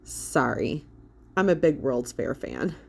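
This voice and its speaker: A woman's voice: rumbling low, expressive, slow, creaky, husky, voice pushed down, exaggerated voice. A woman voicing an eager, bookish girl who talks enthusiastically for an audiobook.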